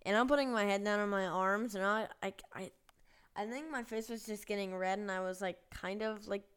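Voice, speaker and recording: A woman telling a personal story on her vlog in a rambling, halting way, with casual swearing. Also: medium pitch, steady tone, fairly bright tone, clear, resonant tone. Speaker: vlogger.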